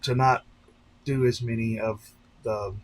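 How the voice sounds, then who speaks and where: A man's voice: medium pitch, steady tone, a little slow, a little hiss or hum. A man, a pastor, chatting casually on a live stream, rambling and talking straight to his viewers. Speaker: pastor and drone-racing streamer.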